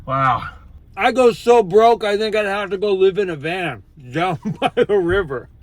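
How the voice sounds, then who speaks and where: A man's voice: high voice, unhurried, dry recording. A Canadian man chatting casually and energetically in a vlog, joking as he goes. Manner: upbeat, jokey, energetic. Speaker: vlogger.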